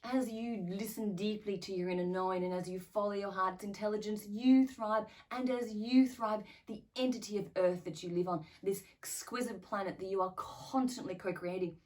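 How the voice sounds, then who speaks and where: A woman channeling effusive cosmic spirit beings, slow and distant. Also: medium pitch, fairly even intonation, darkish tone, close to an everyday voice. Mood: earnest.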